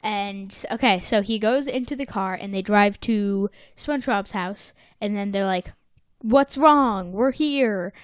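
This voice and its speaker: A woman's voice: mid-range voice, fairly even intonation, measured pace, hardly any pauses, smooth, no echo, clean studio sound. An American woman co-hosting a podcast, recapping a cartoon episode in casual chat and playfully acting out the characters. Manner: playful, acts out characters in quotes. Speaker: podcast co-host.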